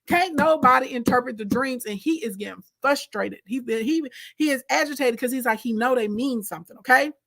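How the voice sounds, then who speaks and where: A woman casually retelling a Bible story in animated, slangy, conversational speech. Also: high voice, brisk, hardly any pauses, dry recording.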